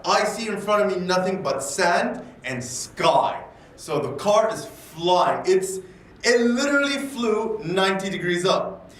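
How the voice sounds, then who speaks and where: Man, casual animated storytelling, restarts and repeats words, very echoey room, faint background hum. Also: high-pitched, takes it slowly. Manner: animated, acts out dialogue in voices. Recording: echoey room, distant mic, faint ambience.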